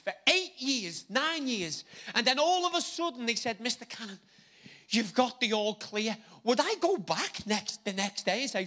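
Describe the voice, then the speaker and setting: Man, preacher, high voice, bright tone, lively and joking, hammering repeated words. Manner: animated, jokey, repeats words for emphasis. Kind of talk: sermon.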